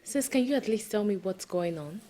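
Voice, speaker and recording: A woman's voice: mid-range voice, lively intonation, moderate pace, warm tone, a little hiss or hum, close to an everyday voice. A woman playing a nagging concerned sister. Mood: prodding. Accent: Nigerian English. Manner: prodding, teasing complaints.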